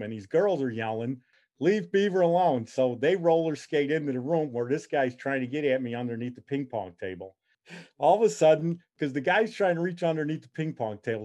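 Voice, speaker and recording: A middle-aged man telling a personal story in a casual, animated way, acting out what the other people said. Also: mid-range voice.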